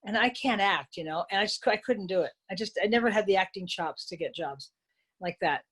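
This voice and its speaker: A woman in her sixties, a comedian and writer, telling lively anecdotes with frequent laughter as a guest. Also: mid-range voice, fairly quick, breathy edge. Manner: animated, laughing storyteller. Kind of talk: casual interview chat.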